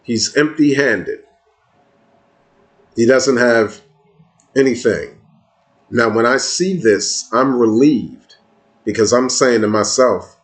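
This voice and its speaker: A man's voice: mid-range voice, slow pace, pauses often. A man with a casual, streetwise manner, telling a personal story in an emphatic, conversational monologue.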